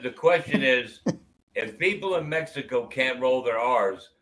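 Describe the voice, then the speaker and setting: A man's voice: mid-range voice, lively intonation, unhurried, fairly bright tone. A man co-hosting a casual live stream about music, talking in a joking, blunt way. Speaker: stream co-host reacting to music.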